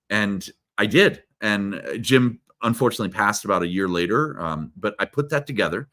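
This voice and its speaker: A man telling stories as a guest in a live video interview, energetic and playful. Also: lowish voice, moderate pace. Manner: energetic, playful, many restarts. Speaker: guest, keynote speaker. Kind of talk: animated storytelling in a live interview.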